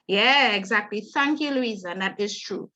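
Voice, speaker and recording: A middle-aged Trinidadian woman leads a parenting webinar over a video call, talking fast and conversationally. Her voice sits at a middling pitch. The audio is dull and lo-fi. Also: bright, forceful tone. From Trinidad and Tobago. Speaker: webinar facilitator.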